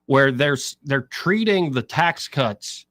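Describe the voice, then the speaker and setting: A man's voice: mid-range voice, takes it slowly, dry recording. A man hosting talk radio, explaining politics and mimicking what others say. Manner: explanatory, quotes others in an animated voice. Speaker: radio talk show host.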